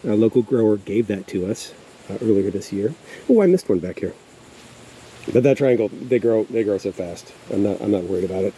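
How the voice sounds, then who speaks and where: Fairly low-pitched and dark in tone, this man's voice is expressive and fairly quick as he gives a casual, rambling tour of his backyard garden outdoors, hesitating often with fillers. The low-quality recording has faint insect noise.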